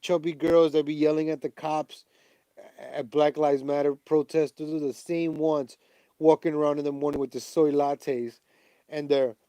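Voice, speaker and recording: A man venting in a political vlog, animated and repetitive, stumbling into restarts as he rants. His voice sits a little high and the recording is dry and close. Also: clear, resonant tone, no echo. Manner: animated, ranting, many "like" fillers and restarts. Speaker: vlogger. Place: home in Pennsylvania.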